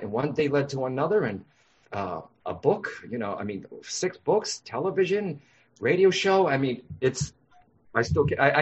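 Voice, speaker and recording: Man, husky voice, medium pitch, guest on a podcast, animated storytelling, dull sound. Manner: animated, acts out voices in anecdotes.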